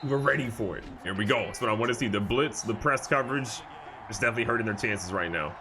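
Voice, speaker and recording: A man giving excitable, jokey live commentary over a football video game, moving from calm play calling to loud outbursts. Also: fairly low pitch, fast talker, background noise. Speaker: gaming YouTuber.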